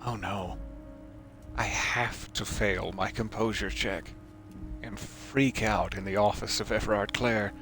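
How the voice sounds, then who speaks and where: A man's voice: fairly low pitch, fairly even intonation, a little slow, fairly bright tone, faint music behind. A man streaming a game, joking and reading the hero's lines aloud, slipping into mock panic. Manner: jokey, reads dialogue aloud, swings into mock panic. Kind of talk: casual gameplay commentary.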